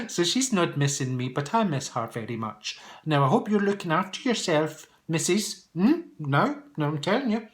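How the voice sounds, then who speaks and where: A man's voice: a little high, fairly bright tone. Giggly, chatty middle-aged man vlogging. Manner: chatty and playful, laughs often, teases viewers. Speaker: vlogger answering viewer questions. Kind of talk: casual Q&A vlog chat.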